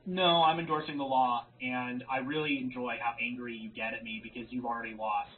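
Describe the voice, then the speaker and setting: A man's voice: medium pitch, steady tone, a little fast. A man in a played video clip, sarcastically taunting an opponent and mocking his anger. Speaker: rival video maker. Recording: tinny phone-like sound with faint noise.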